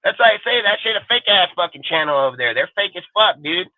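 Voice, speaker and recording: A man rants defiantly on his own fan livestream, swearing constantly and daring critics to leave. His voice sits on the high side for a man. The sound is dry and squeezed thin, like a phone call. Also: lively intonation, fast talker, dry recording. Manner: angry, profane and defiant. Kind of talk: profane ranting livestream talk.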